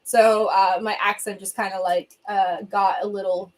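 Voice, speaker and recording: A young Venezuelan woman, a Spanish speaker with a Venezuelan accent, chatting bubbly and fast on a phone livestream from a reading corner at home. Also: mid-range voice, level tone. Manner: bubbly, chatty, quick asides and laughs. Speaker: livestream host. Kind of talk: casual livestream chat reading comments.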